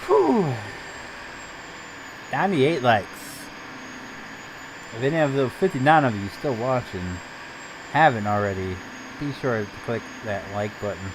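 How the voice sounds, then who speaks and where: A man of ordinary pitch chats idly over his game stream, spinning loose, rambling anecdotes. He laughs a lot and swears in passing, and a faint hiss of noise sits underneath his voice. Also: big pitch swings, unhurried, long pauses. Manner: swears casually. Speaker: gaming streamer. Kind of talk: casual chat while streaming a game.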